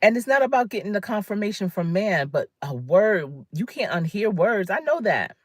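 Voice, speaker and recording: A woman's voice: mid-range voice, big pitch swings, normal speed, no echo, studio quality. A woman in her fifties, a career coach, giving an emphatic, conversational motivational talk on a livestream and greeting viewers by name. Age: 50s.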